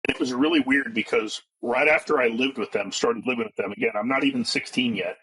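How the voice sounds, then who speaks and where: Middle-aged male guest, husky voice, blunt and earnest storyteller with a few swear words. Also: medium pitch, fairly quick, a bit bright, low-quality recording. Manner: blunt and earnest, with casual profanity. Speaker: podcast guest. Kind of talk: candid personal storytelling.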